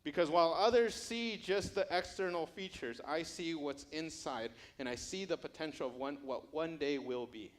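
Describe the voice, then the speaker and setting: A man's voice: fairly high pitch, moderate pace, hardly any pauses, lightly acted. A man voicing Jesus as an earnest teacher who questions his disciple in repeated, searching lines that swell into urgent appeals.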